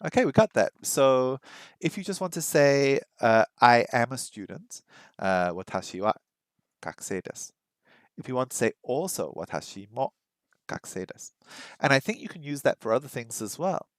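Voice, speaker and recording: A man's voice: mid-range voice, sing-song, normal speed, dry recording. Chatty man thinking aloud, dry sound. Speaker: language learner streaming his practice. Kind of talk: casual livestream chat.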